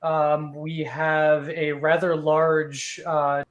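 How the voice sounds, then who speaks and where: A man guest player introducing himself on a livestream, a bit nervous and halting, with many ums. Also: a little high, little pitch movement, muffled recording. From Chicago area.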